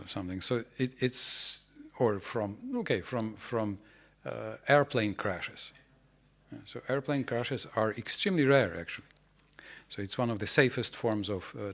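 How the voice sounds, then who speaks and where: Guy giving a loose scripture class, middle pitch, lots of uhs and restarts, asks the room questions. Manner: rambling, many fillers and restarts, rhetorical questions to the audience. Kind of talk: informal scripture lecture. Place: temple hall before a small audience.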